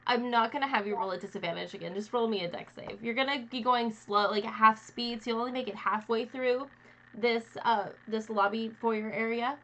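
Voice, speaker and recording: A woman's voice: on the high side, steady tone, fairly quick, sharp tone, lo-fi sound, a little hiss or hum. A woman running a tabletop game as game master, narrating casually with fillers and restarts.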